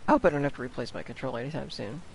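A man's voice: mid-range voice, very fast, gravelly, a little hiss or hum, low-quality recording. A man streaming a video game, giving casual commentary with wry, muttered asides.

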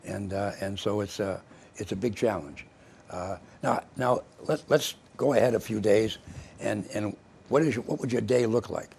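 A man's voice: on the low side, normal speed, creaky, a little mellow, a little hiss or hum. An older man hosting a local TV interview, telling rambling stories with many restarts. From Massachusetts, US. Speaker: TV show host. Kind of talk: casual interview chat. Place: local cable TV studio.

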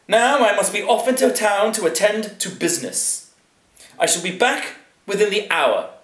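A man voicing a hearty, pompous aristocratic English lord who speaks in a booming, plummy, theatrical way. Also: expressive, moderate pace, fairly bright tone. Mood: breezy. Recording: roomy echo.

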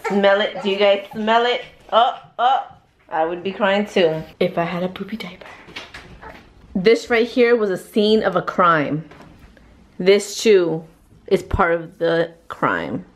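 A woman, a mother, telling a lively casual vlog story at home to a handheld camera, adding playful sound effects. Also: mid-range voice, takes it slowly, a little hiss or hum. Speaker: vlogger and mother.

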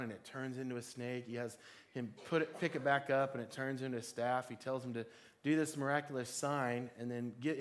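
A man preaching a sermon, retelling a scripture story with animated delivery and calling on the congregation to repeat phrases after him. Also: medium pitch. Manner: animated storytelling with audience call-and-response.

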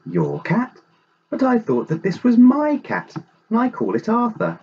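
A man doing a grand, doting lady, high and fluting. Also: big pitch swings, drawn-out words, creaky, breathy edge, highs cut off, heavily acted. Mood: indignant.

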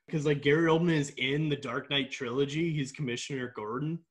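A man's voice: medium pitch, fairly even intonation, a little fast. A young man co-hosting a casual podcast chat, talking loosely with lots of fillers and frequent laughs. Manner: laughs often, chatty with many fillers. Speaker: podcast co-host.

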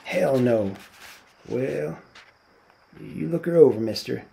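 A man reading aloud, voicing a gruff, blunt old ranch swamper. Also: medium pitch, expressive, slow, warm tone, exaggerated voice. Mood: scornful.

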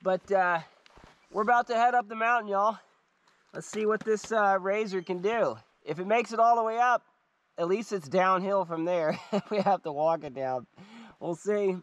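A man's voice: high voice, normal speed, no room sound, highs cut off. A middle-aged man hosting a casual outdoor adventure vlog, upbeat and chatty, talking to viewers on a camping trip and mountain trail. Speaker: vlog host.

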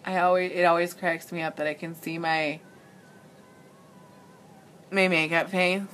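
A woman with a lowish, fairly bright voice hosts a live makeup tutorial, speaking at a measured pace with a flat delivery over a little hiss or hum. Giggly and easily amused, she chats casually with viewers and laughs often, addressing them directly.

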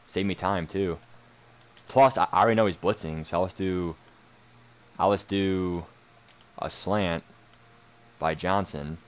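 Deep-voiced frustrated gaming streamer man. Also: steady tone, measured pace, pauses often. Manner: frustrated, swearing, sarcastic muttering. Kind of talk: live game commentary.

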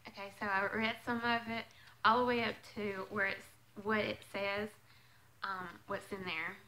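A woman vlogging as she unboxes a clothing subscription box, chatting casually and gushing with excitement. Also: mid-range voice, normal speed, poor audio.

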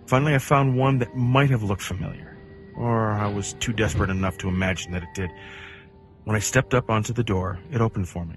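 A man reading a horror story aloud in an intense, dramatic way that swings from hushed to near-shouting. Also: lowish voice. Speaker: creepypasta narrator.

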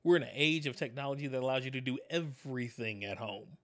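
A man's voice: mid-range voice, fast, a bit bright. Man giving a preachy motivational talk. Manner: preachy and probing, asks rhetorical questions and repeats key words. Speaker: motivational video host.

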